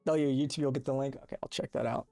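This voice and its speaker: A young livestream host talks rapid-fire in a gravelly, mellow, mid-range voice with fairly even intonation. Rambling and profane, he addresses chat through a desk mic with a compressor. There's no room sound, and faint music plays behind him.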